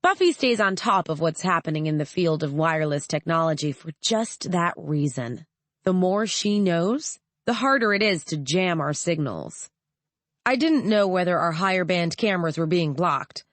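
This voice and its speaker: A woman narrating a first-person audiobook in an even, measured way. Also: on the low side, dry recording.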